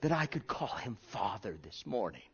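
A man preaching a sermon with passion, swinging from hushed, drawn-out words to loud cries. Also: on the low side, sing-song, lo-fi sound.

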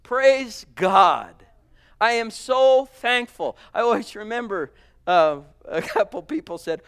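A man preaching a sermon, fervent, swinging between loud exclamations and hushed asides. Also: high voice, expressive, slow, smooth.

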